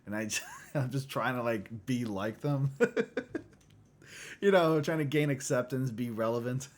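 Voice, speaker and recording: A man's voice: medium pitch, a little slow, a little hiss or hum. A man in his late twenties, chatting casually with his livestream viewers, rambling and laughing often. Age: late 20s. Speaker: livestream host.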